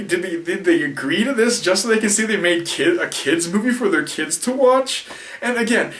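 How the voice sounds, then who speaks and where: A man rambles through a casual film review, tired from the late hour and tripping over his own restarts. His voice sits a little high. The sound is roomy and distant, as if the mic were across the room. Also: a bit bright. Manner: rambling, self-correcting, frequent restarts and fillers. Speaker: video reviewer.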